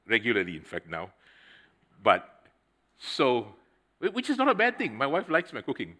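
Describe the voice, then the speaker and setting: A middle-aged man preaching a sermon, telling a personal story in a conversational, animated way and speaking straight to the congregation. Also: medium pitch, normal speed. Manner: conversational, addresses the congregation directly; animated storytelling with swings in loudness.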